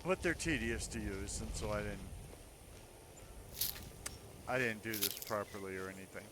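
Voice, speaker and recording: A man's voice: on the low side, expressive, normal speed, background noise. A man hosting a gaming video, giving rambling, self-mocking let's-play commentary in a sarcastic tone.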